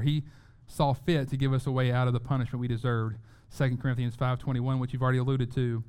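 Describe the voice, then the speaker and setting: A man's voice: mid-range voice, flat delivery, fast talker, darkish tone, smooth. A man preaching a sermon as pastor, earnest, often repeating words as he stresses a point.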